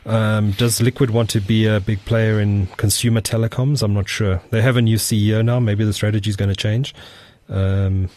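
A man's voice: fairly low pitch, fairly even intonation, moderate pace, few pauses, a little mellow, dry recording. A man hosting a casual tech podcast, talking with lots of fillers and restarts. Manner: hesitant, many fillers and restarts. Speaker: podcast host.

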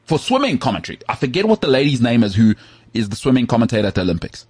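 A man co-hosting a podcast, telling stories in an animated, emphatic way during casual chat. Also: medium pitch, rapid-fire, slightly rough, no echo, clean studio sound. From South Africa. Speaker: podcast co-host.

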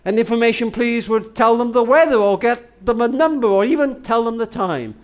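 A man's voice: very high voice, normal speed. An older man telling a heartfelt story in a tender manner, speaking to a grandchild as darling. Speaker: speaker and author.

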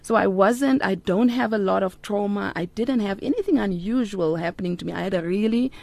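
A middle-aged woman giving a heartfelt personal testimony in an interview, earnest and unhurried with frequent ums. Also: medium pitch, vocal fry, darkish tone, no echo. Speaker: interview guest.

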